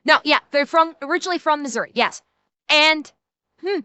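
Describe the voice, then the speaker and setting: High, bright excitable woman streamer. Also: a little fast, no echo. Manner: excitable, swears freely, rambling self-corrections. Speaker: streamer reacting to a video. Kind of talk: casual reaction commentary.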